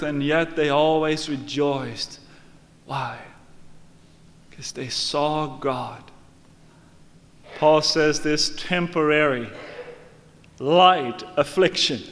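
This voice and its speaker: A man's voice: slow pace, long pauses. Man preaching in a reverberant hall. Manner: earnest, swings from hushed lows to excited highs. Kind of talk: sermon.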